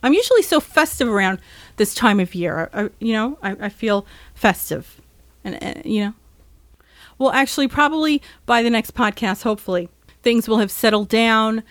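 A woman's voice: a little high, lively intonation, moderate pace, no room sound. A woman hosting a podcast, ranting in an agitated, sarcastic and profane way before chatting with a caller. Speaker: podcast host. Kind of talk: ranting monologue, call-in chat.

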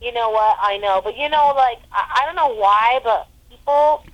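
A woman's voice: a little high, normal speed, rough recording. Slangy woman chatting with "like" fillers. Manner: loose, slangy, heavy use of "like". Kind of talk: casual chat.

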